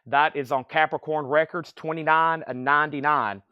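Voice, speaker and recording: A man's voice: a little high, steady tone, moderate pace, clean tone, dry recording, muffled recording. Guy doing a live record sale stream, chatty, calling prices, dry close sound. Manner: chatty, calling prices and conditions, thanking buyers by name. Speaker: record shop livestream seller. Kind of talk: live sales stream patter.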